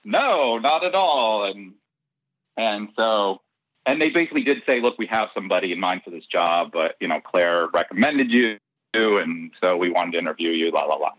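A man being interviewed tells a long personal anecdote in a casual, animated way, acting out the dialogue and laughing between lines. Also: deep voice, moderate pace, dry recording. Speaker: interview guest. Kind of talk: casual storytelling. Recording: dull, lo-fi dry recording.

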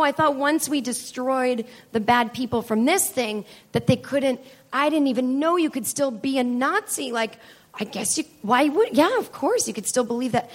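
A middle-aged woman with a high voice tells stories on a comedy stage. She rambles through asides and swears freely as she talks. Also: moderate pace. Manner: chatty, profane, rambling asides. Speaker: stand-up comedian and podcast host. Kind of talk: live comedy storytelling. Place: stage in a small comedy venue.

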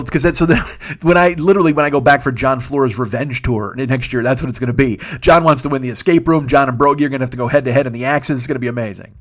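A man, a comedian and podcast host, telling a rambling, profane story in a casual, animated way with lots of restarts. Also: mid-range voice. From lives in Los Angeles.

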